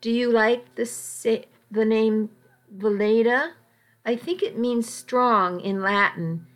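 A woman voicing a gentle, soft-spoken male rancher with a Texan drawl, in a read-aloud story. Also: fairly high pitch, takes it slowly. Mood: soft courteous.

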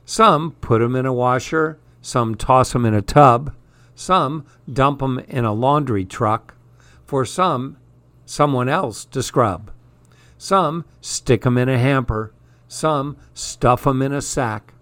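A man hosting a radio program, reading children's stories and poems aloud with expressive delivery. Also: mid-range voice, slow pace, no echo.

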